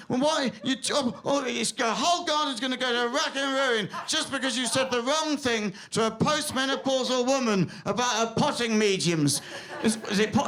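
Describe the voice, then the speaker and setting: A comedian voicing his own shrill, nagging inner critic, hectoring him fast and rising to shouts.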